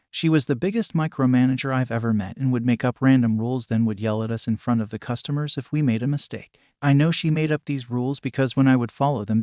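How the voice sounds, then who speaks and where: A man at an ordinary pitch reads stories aloud in an even, conversational way and adds wry remarks between them. The recording is close and dry, with no room sound. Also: no room sound. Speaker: narrator reading online stories. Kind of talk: scripted narration with commentary.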